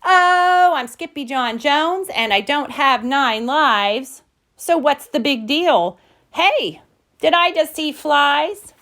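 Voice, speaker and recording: Woman voicing a high, bouncy boy kitten, playful storybook hero, slow and deliberate. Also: animated, a bit bright, full character voice. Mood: excited. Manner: bouncy, playful, mock-Spanish flourishes. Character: excitable boy Siamese kitten playing hero. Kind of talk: storybook read-aloud.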